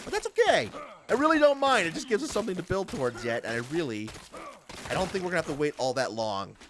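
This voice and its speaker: A young gaming creator chats his way through his play session. His voice sits high and bounces around a lot, and he laughs easily between his thoughts. A faint bed of noise hums behind the recording. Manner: chatty, animated, laughs often. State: hiccups. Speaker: gaming YouTuber. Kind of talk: casual gameplay commentary.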